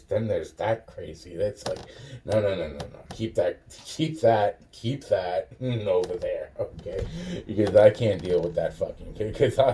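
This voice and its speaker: A man's voice: lowish voice, dark tone, slight background noise. A young man rambling to camera in a profane, laughing monologue full of restarts. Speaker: vlogger.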